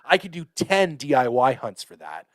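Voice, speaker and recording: A man hosting a podcast, telling a hunting story in a casual, profane, animated way with lots of fillers. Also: mid-range voice, normal speed, dry recording. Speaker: podcast host.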